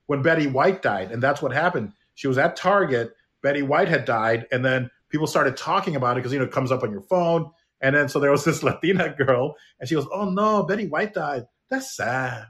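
A man's voice: medium pitch, a little fast, hardly any pauses, a bit bright. A man in casual conversation who rambles and hesitates, with many fillers and repeated words.

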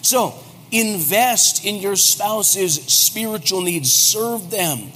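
Male pastor, 40s, high voice, animated and joking; preached in a reverberant hall with faint noise. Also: slow. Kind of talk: humorous sermon.

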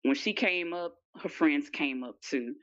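A woman guest on a podcast, chatting casually in a relaxed, slangy way. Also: low voice, a little slow. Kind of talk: casual chat. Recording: dull lo-fi sound.

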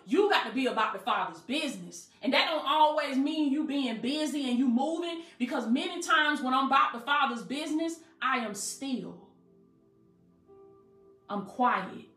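A woman's voice: high-pitched, lively intonation, normal speed, a bit bright, echoey room, soft background music. A woman coach preaching motivationally, emphatic and colloquial, with call-and-response phrasing. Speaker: life coach.

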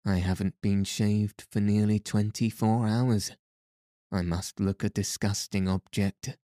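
A man's voice: on the low side, level tone, measured pace, mellow, no echo, clean studio sound, lightly acted. A man voicing a foppish aristocratic husband with a sleepy, affected drawl, in a storybook reading. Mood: good-humoured.

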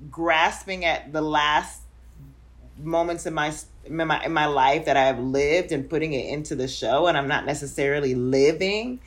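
A woman guest in her forties talking through her career in a relaxed, reflective way, with frequent fillers and laughs. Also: low voice, normal speed. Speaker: guest, show creator. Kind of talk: casual interview conversation.

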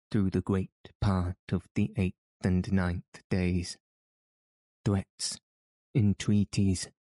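Reading a scripted audiobook, this low-voiced man keeps a steady, even storytelling pace. There's no echo in the sound.

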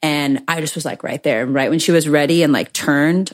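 A woman's voice: sits low, fairly even intonation, fairly quick, few pauses. Candid, effusive young woman podcaster. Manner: candid and effusive, swears freely. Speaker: podcast co-host. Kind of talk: casual chat.

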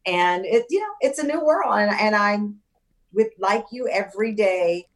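A woman guest chatting in an animated, laughing way, full of quick asides. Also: mid-range voice, distant mic. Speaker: guest, TV talk show host. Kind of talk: casual interview chat.

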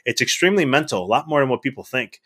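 A middle-aged man as a podcast guest, telling stories in a casual, animated way, acting out the dialogue with frequent restarts. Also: mid-range voice, very fast, breathy edge. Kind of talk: casual storytelling.

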